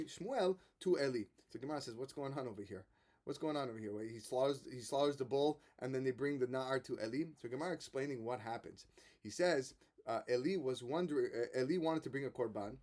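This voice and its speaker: A man who is a rabbi giving a Torah lesson, retelling the stories with animated quoted voices and frequent restarts. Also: mid-range voice, a little fast.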